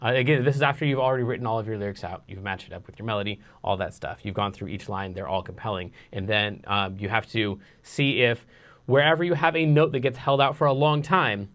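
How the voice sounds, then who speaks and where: A man teaching a casual songwriting lesson, explaining in a relaxed way with lots of fillers. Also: lowish voice, quick pace.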